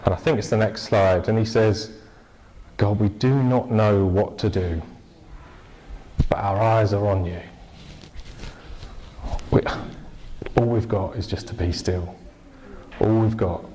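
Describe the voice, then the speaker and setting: A man preaching a sermon in a relaxed, conversational way, telling stories with lively bursts and restarts. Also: lowish voice, measured pace, long pauses, slight background noise, rough recording. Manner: conversational, animated storytelling with restarts. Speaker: pastor.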